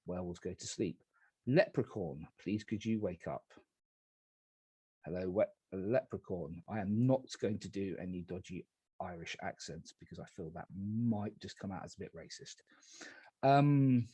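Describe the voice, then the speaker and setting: A man running an online party game as moderator, calm and polite as he narrates each night phase over a video call. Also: lowish voice, slightly rough, no echo.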